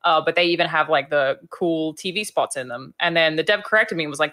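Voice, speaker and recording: A woman co-hosting a casual podcast, chatting excitedly with plenty of fillers. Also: low-pitched, fast, few pauses. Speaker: co-host.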